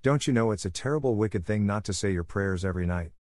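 Man reading a stern old spinster in a storybook, brisk and scolding, low and dry. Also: a little mellow, no room sound, close to an everyday voice. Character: stern strict spinster woman, older, sharp-tongued.

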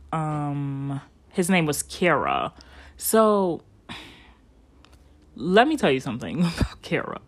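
A woman hosting a podcast, recapping an anime episode in a rambling, chatty way with lots of fillers and some swearing. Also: deep voice. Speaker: podcast host.

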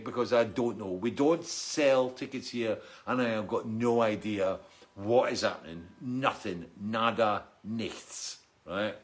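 Man, middle-aged, musician hosting a livestream, casual comment-reading chat, rambling, frequent restarts, mid pitch. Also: measured pace.

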